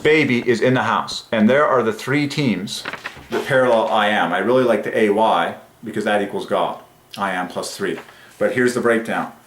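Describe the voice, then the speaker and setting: A man hosting a religious numerology channel, speaking in an excited monologue that swings between rapturous bursts and quiet musing. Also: lowish voice, normal speed, echoey room, slight background noise.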